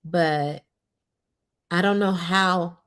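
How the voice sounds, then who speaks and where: A middle-aged woman hosting a podcast, speaking slowly and reflectively with many pauses, and at times tearful. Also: on the low side, steady tone, fairly bright tone, clean tone. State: tearful at moments. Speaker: podcast host. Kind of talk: personal monologue.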